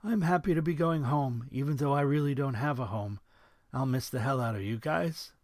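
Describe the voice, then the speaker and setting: A man's voice: fairly high pitch, animated, a little fast, no echo, clean studio sound, voice pushed up, lightly acted. A man voicing a timid, sentimental young soldier who speaks earnestly.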